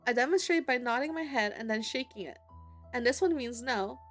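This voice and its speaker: A woman streamer reading a dating-sim story aloud in an expressive, giggly way, breaking into excited squeals between lines. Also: a little high, a little fast, soft background music. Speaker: gaming streamer. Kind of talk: reading a visual novel aloud.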